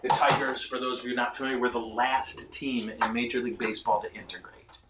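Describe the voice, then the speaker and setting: A man's voice: mid-range voice, brisk, heavy background noise. Guy priest chatting away, goofy and self-mocking, kinda far from the mic in an echoey room. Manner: animated, jokey, self-deprecating, many fillers. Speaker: priest hosting a ministry show. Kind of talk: casual storytelling chat. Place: ministry studio.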